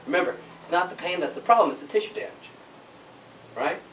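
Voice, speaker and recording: A man's voice: high-pitched, fast, slight background noise. A male chiropractor giving an informal health workshop to a small audience in an office, talking conversationally and checking in with "right?" often. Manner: animated storytelling with sound effects. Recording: echoey room, mic at a distance.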